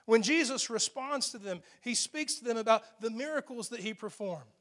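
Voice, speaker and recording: Male pastor with a high voice, preaching in a church; conversational and emphatic, with asides to the listeners. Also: lively intonation, moderate pace, a bit bright. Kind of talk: sermon. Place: church sanctuary.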